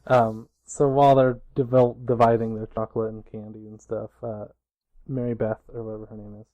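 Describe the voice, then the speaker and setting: A young man co-hosting a podcast, giving a steady plot recap with dry asides. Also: on the low side, a little fast, no echo, muffled recording. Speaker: podcast co-host. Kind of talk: casual comedic recap chat.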